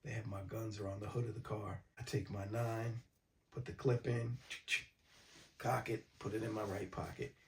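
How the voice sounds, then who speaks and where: A man from mid-state New York, calmly recounting a personal story in a documentary interview. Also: on the low side, moderate pace, slight background noise.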